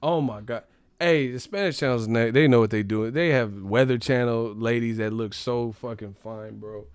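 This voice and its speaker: A man's voice: medium pitch, moderate pace, smooth, no room sound. A man hosting a livestream, rambling in casual chat, swearing and laughing often. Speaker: livestream host.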